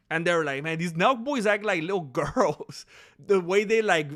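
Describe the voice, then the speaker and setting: A man with a high-pitched voice hosts a casual commentary show, telling stories with lots of energy. He acts out other people's lines in loud, lively voices and repeats words for emphasis. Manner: animated storytelling, acts out quotes in shouty voices; frequent restarts and laughter, emphatic repetition. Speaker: channel host.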